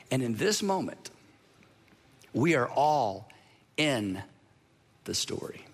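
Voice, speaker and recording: A man preaching a sermon in an earnest, emphatic way, repeating key phrases and slowing down sharply for emphasis. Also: medium pitch, big pitch swings, husky. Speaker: pastor.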